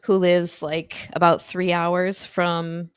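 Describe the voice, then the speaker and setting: A woman's voice: fairly low pitch, little pitch movement, slow pace, clean tone, no echo. Chatty woman on a dry mic. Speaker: guest commentator. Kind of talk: casual livestream chat.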